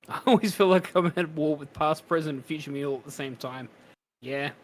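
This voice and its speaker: A male streamer chats casually with his co-host while he troubleshoots his chat commands. His voice sits a little high, and he sounds exasperated but still laughs at the glitches. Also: normal speed, slight background noise.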